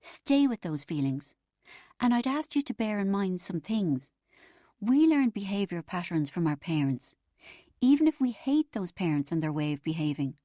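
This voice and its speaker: A woman reading the part of a calm rehab counsellor who is mild in manner but probing and matter-of-fact. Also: mid-range voice, normal speed, no echo, studio quality, close to an everyday voice. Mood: firm.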